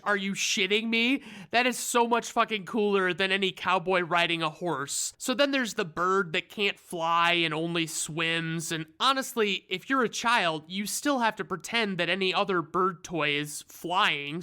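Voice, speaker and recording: A man's voice: sits high, bright, forceful tone, clean tone. Sarcastic, profane man recapping a movie. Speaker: reviewer.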